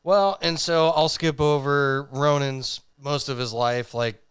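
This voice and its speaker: A man's voice: a little high, fairly even intonation, takes it slowly, clear, resonant tone, dry recording, studio quality. A man co-hosting a casual podcast, telling a history story in a jokey way and laughing often. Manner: jokey, laughs often, reads facts loosely.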